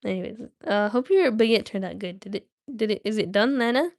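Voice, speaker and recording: A woman's voice: mid-range voice, animated, fairly quick, darkish tone. A woman reading a story aloud on a livestream, chatty and breaking off to talk to viewers. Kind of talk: casual read-aloud livestream.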